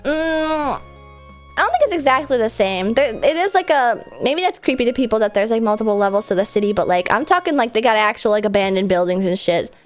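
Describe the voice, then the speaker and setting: A woman's voice: a little high, lively intonation, a little fast, faint music behind. A woman streamer chatting casually with a stuffy, congested nose, rambling and laughing often. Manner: rambling, filler-heavy, frequent laughs.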